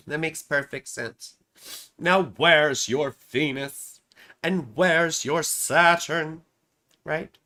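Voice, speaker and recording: A woman's voice: on the low side, a bit bright. A woman astrologer hosting a casual live stream. She talks in a chatty, self-amused way, often repeating her phrases and tossing in "right?".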